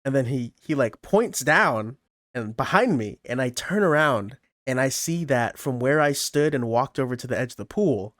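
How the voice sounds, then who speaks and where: Man, podcast co-host, lively storyteller, swears freely, mid-pitched, dry close sound. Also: normal speed, dry recording. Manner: animated, expressive storyteller with frequent swearing and laughter. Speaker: podcast co-host, camp director. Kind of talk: casual storytelling chat.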